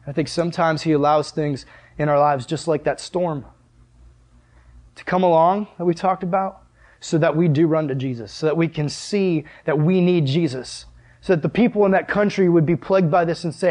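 A man's voice: on the high side, moderate pace, darkish tone. A young man preaching a sermon in an earnest, conversational way, full of rhetorical questions. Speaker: pastor.

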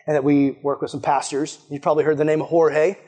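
A man's voice: on the high side, little pitch movement, a little fast, warm tone. A man preaching a casual sermon to young people, enthusiastic and chatty, often saying "like" and "man". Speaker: youth pastor.

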